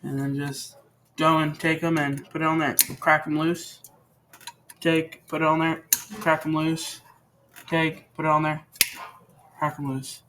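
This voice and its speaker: A man's voice: fairly high pitch, monotone, normal speed, background noise. A teenage boy hosting a casual how-to, rambling and chatty as he works at a home workbench, often correcting himself. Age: teens. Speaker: channel host demonstrating repair.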